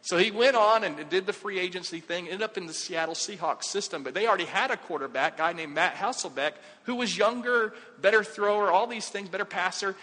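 A male pastor with a fairly high, bright voice preaches in a church hall. He talks to the congregation conversationally, tossing out questions and sinking to quiet emphasis. His voice rings with a long hall reverb. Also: a little fast, few pauses. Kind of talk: sermon.

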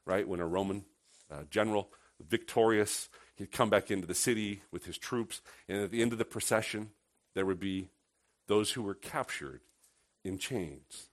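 A pastor preaches conversationally in a voice on the low side at normal speed. He asks the congregation questions and swings from hushed lines to loud, sarcastic ones.

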